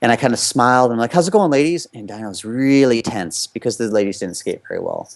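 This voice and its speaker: A man's voice: medium pitch, fast talker. A man from the United States, an interview guest and former competitive skater, telling a candid personal story in loose, conversational run-on sentences full of fillers.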